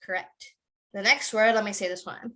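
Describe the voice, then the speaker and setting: A woman teacher leading an online class, repeating each word slowly and calling on students by name to try it. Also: medium pitch, steady tone, a bit bright.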